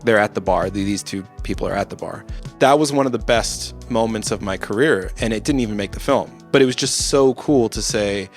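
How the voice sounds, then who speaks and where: Brief: male composer guest, low voice, thoughtful and halting, faint music behind. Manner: reflective, halting, many restarts. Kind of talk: casual conversation.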